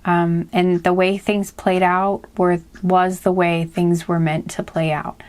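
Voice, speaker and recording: A woman giving a casual spoken tarot reading, soft and hesitant, with many fillers and restarts. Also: fairly low pitch, level tone, slow pace. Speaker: tarot reader.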